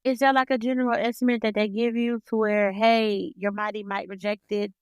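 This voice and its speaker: A woman's voice: medium pitch, level tone, fairly quick, clear, resonant tone, dry recording. A woman hosting a podcast, asking curious follow-up questions in a casual chat. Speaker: podcast host.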